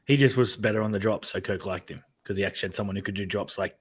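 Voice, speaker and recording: Male podcast co-host, quick talker, husky low voice, casual chat.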